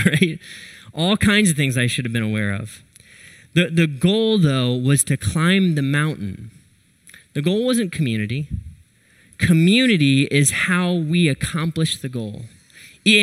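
A man delivers a sermon through a personal story. His voice sits a little high for a man. He tells it with animated energy and briefly acts out what he and others said. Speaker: pastor.

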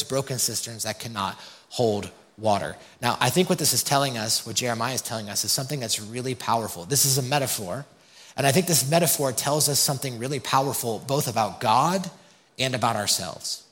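A man's voice: medium pitch, a little fast, a bit bright. A man preaching a sermon in a conversational way, his voice rising for emphasis. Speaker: pastor.

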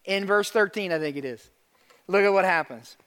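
A middle-aged male pastor preaching a lively sermon, acting out quotes and calling for amens. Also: sits high, moderate pace, clean tone. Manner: animated preaching, asks for amens, acts out quotes.

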